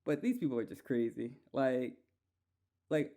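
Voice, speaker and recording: A man's voice: medium pitch, lively intonation, a little slow, warm tone. A man hosting a solo podcast, ranting heatedly and profanely, repeating himself. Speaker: podcast host.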